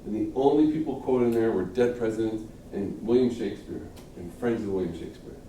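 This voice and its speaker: A middle-aged man runs a casual, chatty class on giving speeches, his low-leaning, dark voice brisk and expressive. He checks in with "okay?" often and acts out how the audience reacts. The sound is roomy classroom audio from a distant mic with faint noise.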